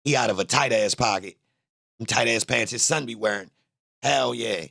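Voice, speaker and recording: A man's voice: lowish voice, a little fast, gravelly, bright, forceful tone, no echo, clean studio sound. A man giving a heated, profane reaction to a clip, blunt and emphatic, often repeating his phrases.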